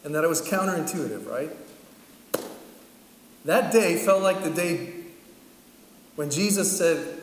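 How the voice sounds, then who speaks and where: Man, middle-aged pastor, higher-pitched voice, relaxed chatty preaching, heard from afar in a big reverberant hall. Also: a little slow, long pauses, far from the mic. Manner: casual, chatty, laughs often. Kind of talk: storytelling sermon. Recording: echoey hall, voice from afar, faint ambient noise.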